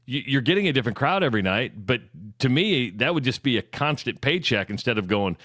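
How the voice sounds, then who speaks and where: A man co-hosting a sports talk radio show, laying out facts and figures in a measured way with some stumbling restarts. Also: mid-range voice, sing-song, fairly bright tone, no room sound, studio quality.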